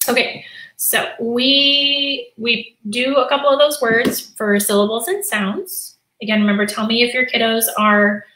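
Woman, young adult, teacher, live lesson demo, explanatory, fillers, bright voice, roomy echo. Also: on the high side, steady tone, a little slow, a little hiss or hum. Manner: explanatory, modeling lesson prompts with many fillers. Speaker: teacher and literacy educator. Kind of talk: live-streamed teaching demonstration.

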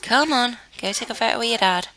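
A woman's voice: fairly high pitch, fairly quick, bright, forceful tone. A young woman giving casual commentary on a life-sim game, chatty and easily flustered, talking to the characters on screen. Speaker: let's play gamer.

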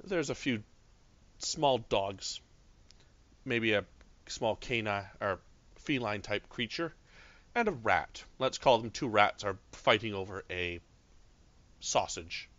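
A man narrating as game master of a tabletop game, lively and self-mocking. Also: on the low side, takes it slowly, pauses often, dry recording. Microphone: home stream mic. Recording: dull lo-fi dry online mic.

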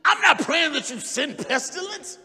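A man preaching and acting out Solomon as an anxious male king, pleading and shouting his protests. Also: very high-pitched, very animated, normal speed, in a large hall, faint music behind, voice pushed up, heavily acted.

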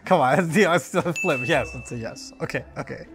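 A man's voice: fairly high pitch, a little fast, music in the background. A man casually and playfully guessing the meaning of slang words, thinking aloud and joking at his own guesses. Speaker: speaker reacting to slang list. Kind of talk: casual comedic monologue.

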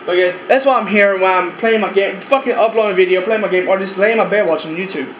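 A man's voice: high-pitched, quick pace, fairly bright tone, roomy sound, a little hiss or hum, poor audio. A young man vlogging casually from his bedroom, rambling, swearing a lot and repeating himself. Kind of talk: casual room-tour vlog.

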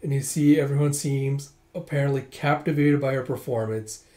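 A man reading a manga aloud, chatty and casual, narrating the panels with quick asides. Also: medium pitch, steady tone, warm tone. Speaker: manga reader. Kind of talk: casual comic readthrough.

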